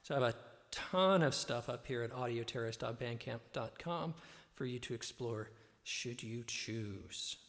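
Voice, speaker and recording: A man's voice: mid-range voice, unhurried, gravelly, a bit bright. A man hosting a live-stream show, rambling as he talks, with many fillers. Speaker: host and musician. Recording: reverb-heavy echoey audio.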